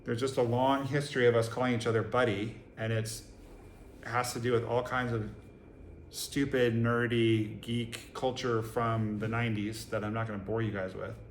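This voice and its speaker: Male Zen teacher from Boston, mid-pitched voice, a casual, joking dharma talk full of rhetorical questions, roomy hall with faint background hum. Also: flat delivery, normal speed. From Boston, USA. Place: meditation hall with a live audience. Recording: echoey room, faint ambience.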